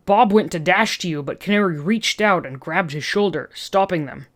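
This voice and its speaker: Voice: mid-range voice, normal speed, few pauses, a bit bright. A reader narrating a fan story aloud, breaking in with chatty asides and chuckles between passages.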